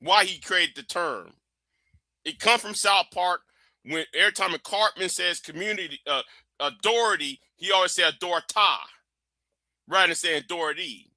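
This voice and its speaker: A man's voice: high-pitched, moderate pace, pushed and bright, no room sound. A man hosting a livestream, giving a blunt, profane and emphatic commentary rant. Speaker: livestream host.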